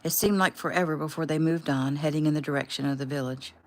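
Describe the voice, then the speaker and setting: A woman casually reading her own novel aloud at home in a plain, unhurried way. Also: sits low, steady tone. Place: home room.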